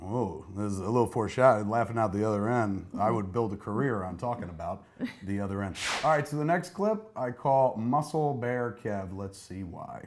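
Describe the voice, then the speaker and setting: A man's voice: lowish voice, lively intonation, normal speed, noisy background. A man in his forties hosting, wryly and self-mockingly commenting on old footage. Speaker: host.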